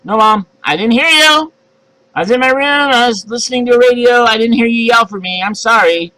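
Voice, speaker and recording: A man's voice: very high voice, fairly quick, sharp tone, dry recording, voice pushed up, low-quality recording. A man voicing a whiny young child who makes excuses to avoid chores. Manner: pleading, excuse-making.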